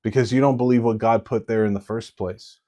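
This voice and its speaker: A man's voice: on the low side, steady tone, brisk, mellow. A man preaching a sermon as a pastor, in a blunt, conversational way with coarse words.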